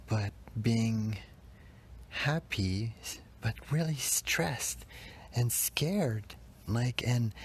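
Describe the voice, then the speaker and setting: Low gravelly man, emotional confession. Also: a little hiss or hum. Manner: emotional, halting, with restarts and soft whispered moments. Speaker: podcast host. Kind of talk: personal confessional storytelling.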